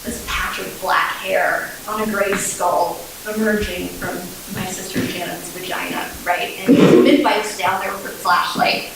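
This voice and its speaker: A woman's voice: medium pitch, fairly even intonation, measured pace, background noise. A woman telling a true story on a small theater stage, candid and wry, laughing at herself. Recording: echoey room recording from far off, with music.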